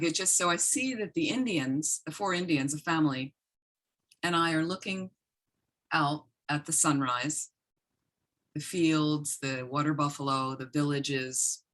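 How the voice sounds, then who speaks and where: Low-voiced woman giving a dharma talk. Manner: storytelling, gentle and earnest, with many restarts. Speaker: Buddhist teacher. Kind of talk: dharma talk with personal story.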